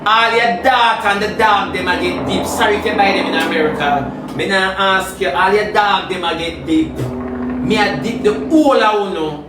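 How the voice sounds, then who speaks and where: A man's voice: high-pitched, normal speed, recorded from a distance, music in the background. A man with a Jamaican accent in a heated rant, combative and taunting, repeating his jabs over and over. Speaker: social media personality. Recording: roomy and off-mic.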